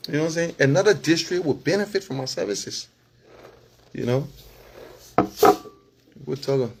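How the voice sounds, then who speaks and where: A man's voice: on the high side, lively intonation, normal speed, gravelly, darkish tone, slight background noise. A man with a Liberian English accent, talking casually and with feeling to his followers, often checking in with "you understand?" and chuckling. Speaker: political vlogger and former candidate.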